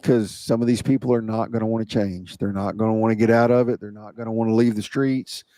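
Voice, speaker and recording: A man's voice: on the low side, fairly even intonation, fast, warm tone, no room sound. Brief: male host, casual podcast chat, dry close sound. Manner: casual, says "bro" and "dude", affirming interjections.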